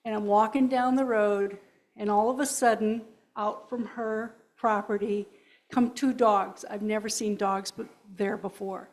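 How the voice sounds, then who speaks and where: A woman from the congregation giving a personal account in church, animated and a little nervous. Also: medium pitch, measured pace, rough recording. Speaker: congregation member sharing a story. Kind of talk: personal testimony. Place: church sanctuary.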